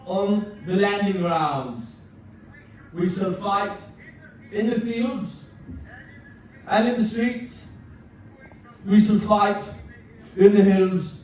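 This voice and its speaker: Man doing an impression of an old wartime leader, slow grand speech, defiant, echoey and far away. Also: high-pitched, darkish tone, slight background noise. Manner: slow, declaiming oratory.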